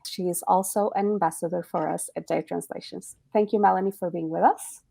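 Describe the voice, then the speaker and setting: A woman reading a brisk scripted introduction for a podcast guest. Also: on the low side, steady tone, creaky, warm tone, dry recording. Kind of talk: read introduction.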